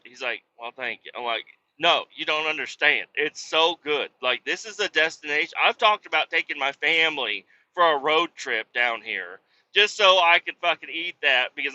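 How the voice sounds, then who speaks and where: Behind the wheel of his truck, a man from Kansas City, USA rambles through profane stories that poke fun at himself. He speaks at a moderate pace in an expressive, fairly high voice, bright and forceful, and the recording sounds lo-fi.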